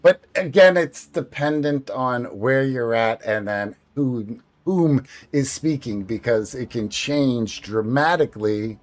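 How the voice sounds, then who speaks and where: A man's voice: medium pitch, slow, hardly any pauses. A man streaming a game, chatting casually in a rambling way, with lots of fillers and some swearing.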